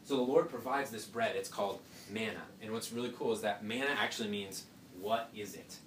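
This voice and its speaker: A man's voice: on the low side, fast talker, a bit bright. A young man teaching a casual Bible lesson, talking conversationally with rhetorical questions and joking asides. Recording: roomy, distant mic, faint background noise.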